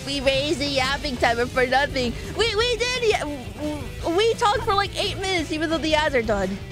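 High, animated playful woman streamer. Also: over music. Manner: playful, teasing, quick to laugh. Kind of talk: casual live-stream chat.

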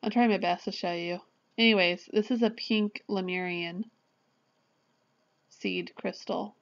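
A woman vlogger chatting casually through an unboxing, gushing and excitable, often apologizing as she shows things. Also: medium pitch, a little slow, creaky, muffled recording.

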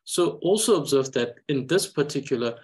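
A man with a Tibetan accent teaching a language reading lesson, talking slowly and carefully with frequent hesitations. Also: medium pitch, lively intonation, a little mellow, breathy edge. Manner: slow, careful, hesitant with many uhs. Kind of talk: slow reading lesson with explanation.

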